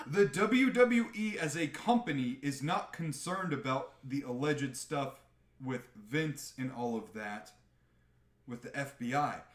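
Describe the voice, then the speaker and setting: A man on a live podcast, chatting casually in a profane, animated rant. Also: mid-range voice, measured pace, echoey room. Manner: animated, profane ranting with mocking impressions. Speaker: podcast co-host.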